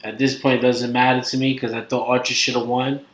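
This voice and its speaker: A man's voice: medium pitch, little pitch movement, brisk, a bit bright. A man with a Brooklyn accent co-hosting a casual podcast, rambling and hesitant, trailing off often. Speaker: podcast co-host. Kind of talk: casual chat. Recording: echoey room.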